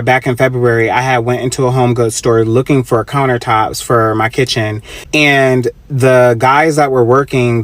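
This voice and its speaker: A man speaks in a blunt, casual way, telling a story with plenty of swearing. His pitch sits in an ordinary middle range. The sound is close and dry, with no room around it. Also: dry recording. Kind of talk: casual commentary.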